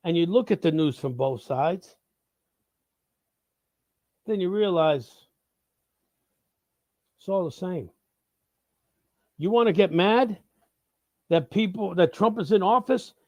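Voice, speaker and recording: A man's voice: high voice, a little mellow, no echo. A man hosting a live show, delivering a profane, heated and sarcastic political rant. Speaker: host of a live talk show. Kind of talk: ranting political monologue.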